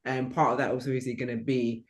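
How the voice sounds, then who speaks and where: A man's voice: mid-range voice, level tone, a little fast. A man, a business coach, chatting casually and rambling through his plans with frequent restarts and self-corrections. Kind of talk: casual conversation.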